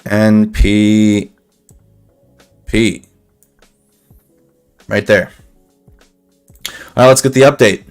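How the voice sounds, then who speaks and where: A man's voice: on the low side, fairly even intonation, drawn-out words, pauses often, clean tone, soft background music. A man giving casual live commentary on war news over a map, thinking aloud with restarts and a slightly dry throat.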